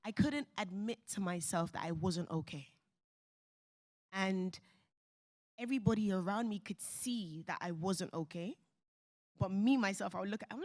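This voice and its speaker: Animated woman telling her story. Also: mid-range voice, moderate pace. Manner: animated, acts out quoted voices, laughs often. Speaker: panel speaker. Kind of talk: candid personal storytelling.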